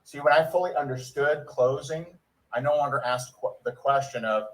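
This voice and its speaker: A man's voice: mid-range voice, normal speed, fairly bright tone, far from the mic, rough recording. A man giving a network marketing training and acting out sample conversations with prospects. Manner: conversational, acts out sample dialogues. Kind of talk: sales training talk.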